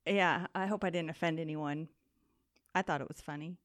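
A woman's voice: deep voice, steady tone, moderate pace, dry recording. A woman in her thirties, co-hosting a podcast in casual chat, often laughing as she tells family stories close to the mic. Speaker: podcast co-host.

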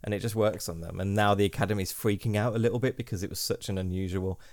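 A man's voice: lowish voice, fairly even intonation, fast, darkish tone, no room sound, clean studio sound. A man co-hosting a podcast, chatting casually about films in a rambling way, swearing and laughing often. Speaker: podcast co-host.

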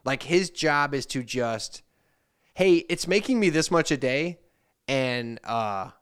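A man with a smooth, resonant voice hosts a casual podcast chat. He tells a long, rambling anecdote and slips into little voices to quote the messages in it. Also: medium pitch, lively intonation, slow pace, a bit bright. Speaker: podcast host.

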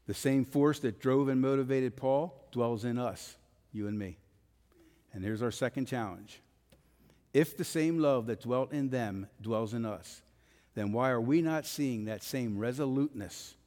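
A man's voice: mid-range voice, a little slow, mellow. A male pastor preaching a sermon with an emphatic rising and falling cadence. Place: church sanctuary. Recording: long hall reverb.

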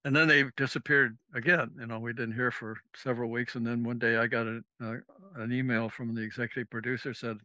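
A man's voice: medium pitch, little pitch movement, fairly quick, pushed and bright, no echo. A man, a former navy officer, telling a rambling, casual story as a podcast guest and acting out the lines of the people in it. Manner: rambling, acts out quoted dialogue.

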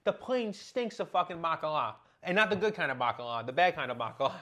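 A man's voice: on the high side, lively intonation, fast talker, a bit bright. A young man hosting a podcast, telling rambling stories full of fillers and swearing, laughing along. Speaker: podcast host. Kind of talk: casual comedic storytelling.

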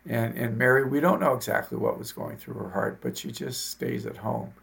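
A man co-hosting a faith podcast as a deacon, reflecting in casual chat and softly quoting scripture. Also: medium pitch, normal speed, vocal fry.

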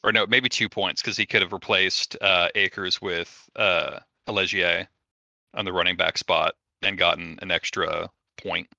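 Guy co-hosting a chat, lowish voice, really sharp tone, dry wry recaps. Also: fairly even intonation, normal speed, creaky, no room sound, highs cut off. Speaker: co-host. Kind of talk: casual chat.

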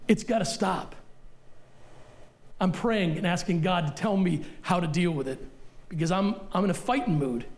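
A middle-aged man preaching a sermon as pastor in a church, blunt and forceful with repeated punchlines. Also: high-pitched, moderate pace, long pauses. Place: church sanctuary.

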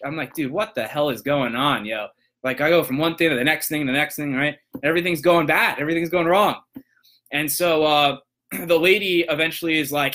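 A young man hosting a show, casually telling a long story and acting out the people in it with lively voices. His voice is bright and a little high for a man. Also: a little fast. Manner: animated, acts out voices in quotes. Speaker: podcast host, motivational speaker.

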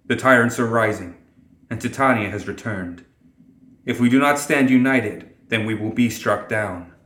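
A man's voice: on the low side, normal speed, fairly bright tone, reverberant, natural voice. A man voicing a scornful woman warrior. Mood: commanding. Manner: commanding, scornful. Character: fierce bloodthirsty woman warrior, proud and scornful. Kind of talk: audiobook character voice.

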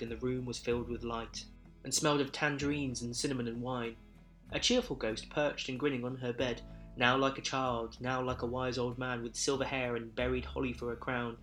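A man narrating a Christmas story in verse with a measured, rhythmic delivery. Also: medium pitch, level tone, fairly bright tone, soft background music.

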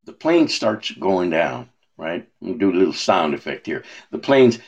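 Slow-talking low-voiced male preacher. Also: lo-fi sound. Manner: relaxed, repetitive restarts, rhetorical questions. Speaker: minister. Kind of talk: preaching conversation.

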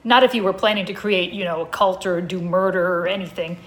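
A woman voicing a flustered, defensive male tiger who rambles through quick denials, as part of a comic story reading at a live show. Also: lowish voice, steady tone, close to an everyday voice. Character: anxious, defensive male tiger, imaginary friend.

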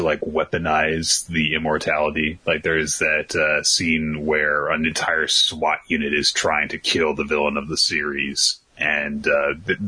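Very deep, bright husky male co-host. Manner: relaxed, blunt, many fillers. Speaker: podcast co-host. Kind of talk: casual podcast chat.

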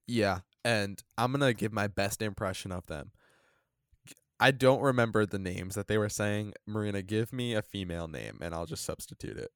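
A young man telling a story in a casual podcast chat, rambling and animated with lots of fillers, in a dry close recording. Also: fairly low pitch, moderate pace, smooth, dry recording. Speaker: podcast co-host.

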